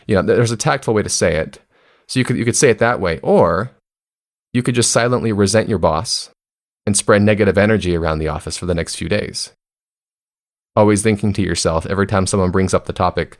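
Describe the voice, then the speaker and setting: Man with a lowish, easy voice. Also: brisk. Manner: conversational, asks listeners questions. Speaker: podcast host. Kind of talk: self-help podcast talk.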